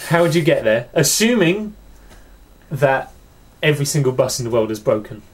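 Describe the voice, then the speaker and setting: A young man co-hosts a relaxed podcast chat. His delivery is dry and laid-back. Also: medium pitch, normal speed. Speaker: podcast co-host. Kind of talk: casual chat.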